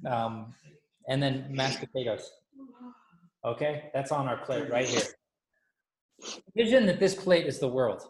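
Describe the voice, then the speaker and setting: A man's voice: mid-range voice, animated, a little slow, pauses often, darkish tone. A man giving a casual, playful sermon that keeps asking the audience questions. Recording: echoey room.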